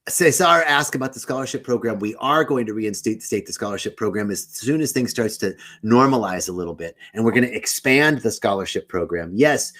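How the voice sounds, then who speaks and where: A man's voice: medium pitch, fairly bright tone. A middle-aged man hosting a spiritual live stream, chatting casually, greeting viewers by name and telling a candid story.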